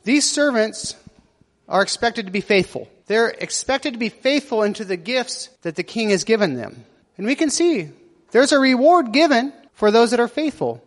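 Man, preacher, sermon, reads verses and questions listeners, high voice, reverberant hall. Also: big pitch swings, normal speed. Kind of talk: sermon teaching with scripture reading.

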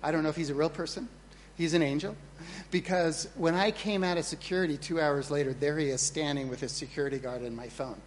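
A man preaching a sermon as pastor, earnest and storytelling, with animated retellings of his own moments of panic. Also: a little high, fast, hardly any pauses, in a large hall, a little hiss or hum. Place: church hall.

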